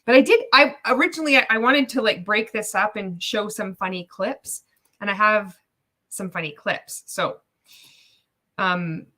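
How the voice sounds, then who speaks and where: A woman hosting a casual livestream reaction, talking to her viewers in a chatty way. She laughs often and her voice sits at an ordinary middle pitch. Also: a little slow, bright, forceful tone. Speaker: host.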